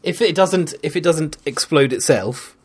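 A man's voice: a little high, animated, a little slow, husky. A man co-hosting a podcast, bantering sarcastically and reading out listener emails. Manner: teasing and sarcastic. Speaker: podcast co-host.

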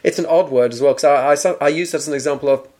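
A man's voice: fairly high pitch, rapid-fire, darkish tone. A man from Britain co-hosting a podcast in casual chat, pedantic and dry, arguing points about grammar and words. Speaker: podcast co-host.

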